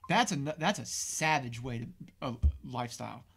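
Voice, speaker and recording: A man's voice: medium pitch, animated, normal speed, vocal fry, fairly bright tone, breathy edge. Easygoing guy on a podcast, medium voice, says golly and gosh dang. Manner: laid-back, folksy exclamations. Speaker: podcast co-host. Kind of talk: casual chat.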